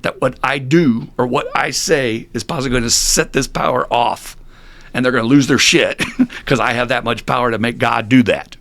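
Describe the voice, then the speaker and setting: A middle-aged man talking casually on a recovery podcast, blunt, animated and laughing often as he swears freely. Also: medium pitch, normal speed, vocal fry. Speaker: podcast host.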